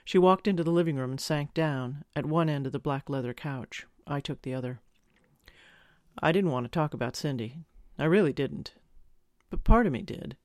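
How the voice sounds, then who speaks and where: A man's voice: fairly high pitch, moderate pace, dry recording. A man narrating a first-person story in a confessional, wry manner on a close mic. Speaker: audiobook narrator.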